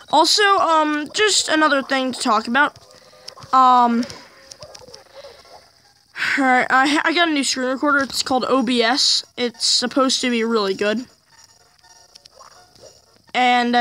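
A gaming host giving let's play commentary, rambling and easily frustrated, trailing off into quiet mutters. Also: high-pitched, slight background noise, rough recording.

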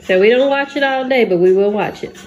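A woman's voice: on the high side, fairly quick, a little mellow, lo-fi sound, soft background music. A woman vlogging at home, playful and laughing as she talks to her baby. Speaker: family vlogger. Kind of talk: casual home vlog.

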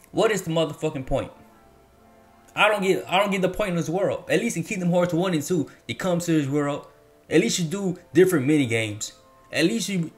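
Fed-up man ranting, fairly high voice. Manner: exasperated, repetitive, heavy cursing. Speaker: gaming channel host. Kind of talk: angry profane rant over gameplay.

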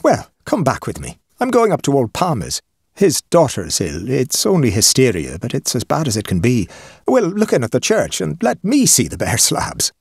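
A man's voice: mid-range voice, wildly swooping pitch, moderate pace, slightly rough, no echo, clean studio sound, exaggerated voice. A man doing a blunt Irish country doctor. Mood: scoffing. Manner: brusque, scolding and mocking.

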